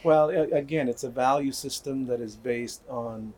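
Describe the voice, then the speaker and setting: A man's voice: mid-range voice, normal speed, darkish tone, slight background noise. An older man speaking as a guest about healing and community, telling stories earnestly and often checking in with "right?". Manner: earnest, repeats words, asks "right?" often. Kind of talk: conversational storytelling.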